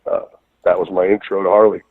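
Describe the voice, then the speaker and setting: A man's voice: low-pitched, flat delivery, fast talker, no room sound. A man, a guest wrestler, telling rambling, profane stories with many fillers in a casual interview, calling in by phone. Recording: tinny phone line.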